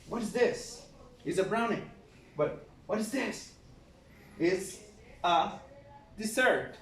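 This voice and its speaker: A man teaching an English grammar lesson, explaining slowly and repeating key points. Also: high voice. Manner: slow, repetitive, explains step by step. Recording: roomy, from far off, faint noise.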